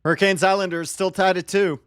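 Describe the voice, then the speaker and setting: A man's voice: high voice, steady tone, a little fast, a bit bright, clean tone, dry recording, studio quality. A man casting a strategy game match live on stream in a casual, joking way, cheering players on. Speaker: esports caster.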